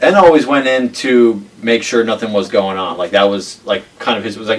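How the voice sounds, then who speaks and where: A man's voice: lowish voice, moderate pace, hardly any pauses. A young man telling funny stories in a casual chat, acting out the quoted voices. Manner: storytelling, acts out quoted voices. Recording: distant mic with faint noise.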